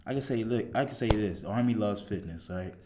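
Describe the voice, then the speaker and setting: A man's voice: lowish voice, fast, noisy background. A man, a soldier giving blunt, profane motivational advice in a casual monologue, full of rhetorical questions.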